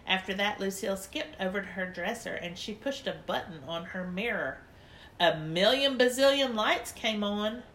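A woman's voice: mid-range voice, normal speed, fairly bright tone, a little hiss or hum. A woman narrating a children's story in first person, in a chatty, childlike little-girl voice. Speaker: audiobook narrator.

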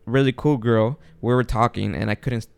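A man hosting a podcast in casual chat, telling an animated story full of swearing and acted-out voices. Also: medium pitch, a little fast, vocal fry, smooth, no room sound. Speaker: podcast host.

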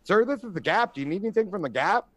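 A man putting on the voice of a cheerful young female store clerk answering the phone, in an overly bright customer-service singsong. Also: sits high, expressive, racing, no echo, pitched above the performer's own voice. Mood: chirpy.

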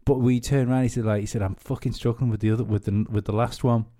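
Mellow-voiced podcast guy, rambly, swears a lot, keeps restarting. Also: medium pitch, fairly even intonation, fast talker. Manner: rambling storyteller, swears freely, many restarts. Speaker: podcast co-host. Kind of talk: casual chat.

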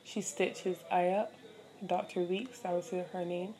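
A woman's voice: lowish voice, fairly even intonation, moderate pace, mellow. A young adult woman hosting her own podcast, telling a story in a candid, profane, chatty way with lots of fillers. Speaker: podcast host. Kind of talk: casual solo podcast storytelling.

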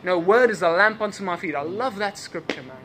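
A man's voice: high-pitched, animated, fairly quick, noisy background. A man preaching a sermon in a church service, with English as his second language, asking repeated questions and laughing at his own asides. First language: not English.

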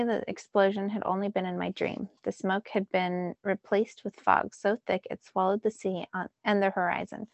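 A woman teacher reading a novel aloud in first-person narration, with lively emphasis. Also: mid-range voice, gravelly, no echo, lo-fi sound.

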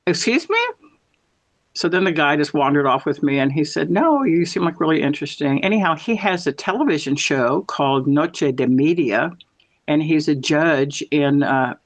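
A middle-aged woman hosting a podcast, telling rambling stories and acting out both sides of each conversation. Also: sits low. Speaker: podcast host. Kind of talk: casual storytelling. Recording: muffled lo-fi audio.

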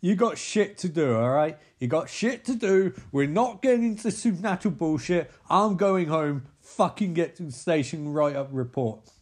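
A man voicing a gruff, fed-up male police chief who barks dismissive orders. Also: on the high side, normal speed, darkish tone, natural voice. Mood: annoyed.

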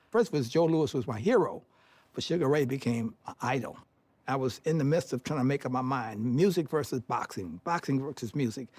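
In an interview, an older Detroit man recalls his childhood, chuckling as he goes and acting out family conversations like a lively storyteller. His voice is mid-range, and the recording carries no room sound.

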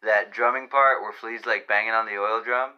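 A man's voice: on the low side, steady tone, normal speed, smooth. A man co-hosting a casual podcast chat, tossing in dry joking asides and swearing freely. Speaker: podcast co-host. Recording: dull lo-fi sound.

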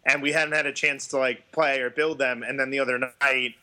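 A man's voice: mid-range voice, flat delivery, a little fast, pushed and bright. A man hosting a podcast, chatting casually and enthusiastically about a favorite film. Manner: enthusiastic, laughs often. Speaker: podcast host. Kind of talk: casual chat.

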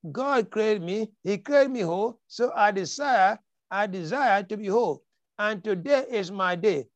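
A man with a high voice preaches with emphatic force. He repeats key lines for weight and acts out the scripture quotes. The sound is dry and close. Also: animated, unhurried, dry recording, lo-fi sound. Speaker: pastor. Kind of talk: sermon.

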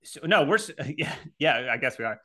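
A man's voice: on the high side, expressive, fairly quick, bright, forceful tone. A man co-hosting a podcast, chatting casually and teasing his co-host with profane banter. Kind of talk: casual chat.

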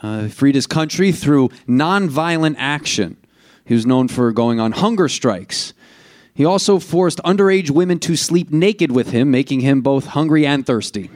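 A man's voice: fairly high pitch, animated, measured pace, darkish tone. A man hosting a comedy roast, bringing up the next roaster with upbeat, punchy introductions. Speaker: roast emcee. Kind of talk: stage introductions. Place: comedy stage.

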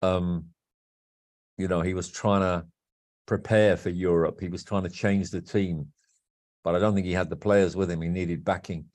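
A man's voice: low voice, steady tone, moderate pace, a little mellow. A man, originally from Wolverhampton, chatting candidly and rambling a little as a podcast guest. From Wolverhampton, England. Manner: rambling, candid, repeats himself. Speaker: guest, band frontman. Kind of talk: casual podcast interview.

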